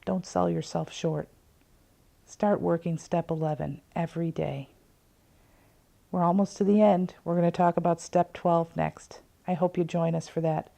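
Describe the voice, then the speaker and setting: Earnest woman with a warm, darker voice. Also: fairly low pitch, fairly even intonation, moderate pace, vocal fry. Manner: earnest storytelling, drops to a soft near-whisper on key points. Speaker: host of a recovery talk show. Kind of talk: personal spiritual talk to viewers.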